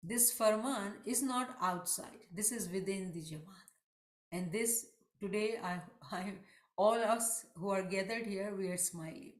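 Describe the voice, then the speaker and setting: A woman's voice: mid-range voice, unhurried. Earnest woman teaching, echoey room. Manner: earnest, emphatic, asks rhetorical questions. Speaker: religious teacher. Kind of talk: online religious lesson.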